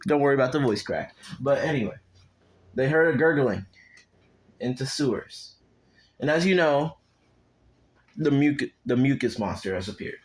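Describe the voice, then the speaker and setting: In an animated, medium-pitched voice, a young man unhurriedly improvises a fan story, leaving long pauses. He rambles, swears and turns aside to address his viewers, and the audio quality is rough.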